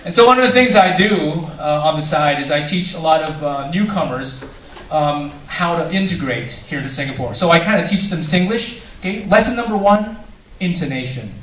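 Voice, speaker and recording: A man's voice: fairly high pitch, animated, normal speed, slight background noise. A man with a Filipino accent doing stand-up comedy on a theatre stage, jokey and slipping into mock accents. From Philippines. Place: theatre stage before a live audience. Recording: distant echoey theatre recording with loud crowd.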